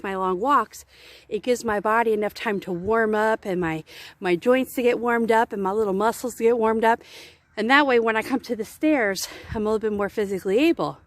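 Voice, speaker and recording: A woman's voice: on the high side, a bit bright, no echo. A woman vlogging casually to camera on a woodland trail, talking in a rambling, candid way and swearing now and then. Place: outdoors on woodland trail stairs.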